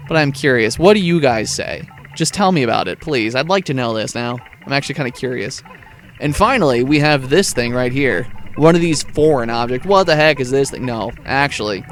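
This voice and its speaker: A man's voice: mid-range voice, expressive, a little fast, soft background music. A young man hosting a casual let's-play, chatty and rambling with playful asides to his viewers. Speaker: gaming channel host.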